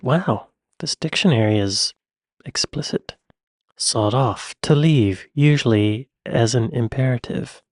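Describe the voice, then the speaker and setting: Brief: unhurried American man, dry close sound, amused casual reactions. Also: medium pitch, no room sound. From United States. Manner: slow, amused, musing reactions. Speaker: reaction channel host.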